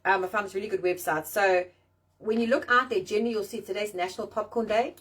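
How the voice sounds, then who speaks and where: A woman's voice: medium pitch, quick pace, fairly bright tone, husky. Sweary, blunt woman ranting from a distance. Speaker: host of a live chat show. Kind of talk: casual live-stream chat. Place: outdoors in the rain.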